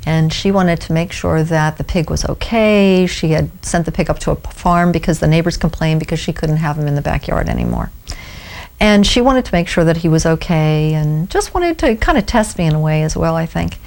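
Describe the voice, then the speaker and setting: A woman animal communicator telling an anecdote in a documentary interview, lively as she quotes others. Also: deep voice, brisk, gravelly.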